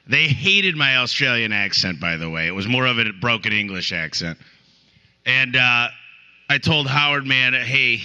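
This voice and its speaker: A man addresses a conference crowd from the stage. His voice is strikingly bright and forceful. He tells stories briskly and acts out both sides of the dialogue. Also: medium pitch. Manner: energetic storytelling with quoted dialogue. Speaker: keynote speaker. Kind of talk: conference talk. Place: conference stage before a live audience.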